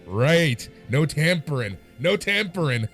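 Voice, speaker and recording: A man's voice: a little high, big pitch swings, slow pace, fairly bright tone, faint music behind. A man co-hosting a podcast, chatting casually with joking asides. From Central or South America. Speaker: podcast co-host. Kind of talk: casual chat.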